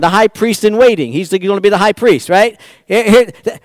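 A male pastor preaching a sermon, asking the congregation rhetorical questions and swinging from quiet asides to loud, emphatic passages. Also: high-pitched, lively intonation, normal speed, hardly any pauses, no room sound.

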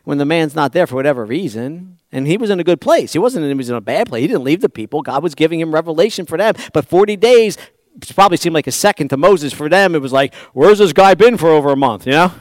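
High-voiced preacher firing off questions. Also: male voice, expressive, quick pace, dry recording. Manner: asks the congregation rhetorical questions; swings from quiet to loud and emphatic. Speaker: pastor. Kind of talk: sermon.

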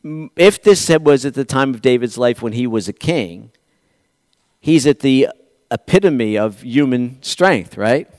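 A man preaching a sermon, swinging between loud pleading lines and quiet, hushed asides to the congregation. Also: medium pitch, animated, a little slow, no room sound. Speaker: pastor.

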